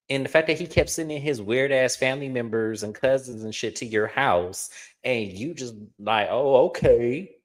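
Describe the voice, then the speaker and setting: A young man, co-hosting a casual reality TV recap and swooping up into high incredulous exclamations. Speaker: co-host.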